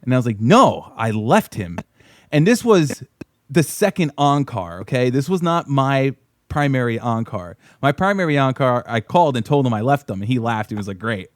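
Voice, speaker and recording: A man's voice: medium pitch, sing-song, moderate pace, dry recording, clean studio sound. Rambling man telling a story. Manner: rambling, swearing, laughing while telling; acts out quoted voices. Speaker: podcast guest telling a story. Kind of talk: casual storytelling. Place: podcast studio.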